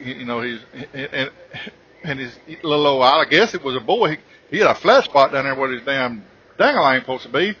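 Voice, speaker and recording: A man hosting a podcast, telling a comic story in a rambling, profane, animated way. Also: fairly high pitch, breathy edge, dull audio. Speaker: podcast host.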